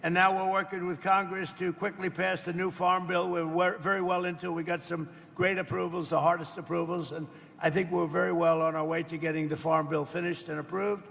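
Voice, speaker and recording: A man's voice: high-pitched, level tone, a little fast, gravelly, fairly bright tone, long reverb tail. An older American man speaking off the cuff at a roundtable, rambling and boastful, repeating his phrases. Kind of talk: off-the-cuff speech. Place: indoor event hall.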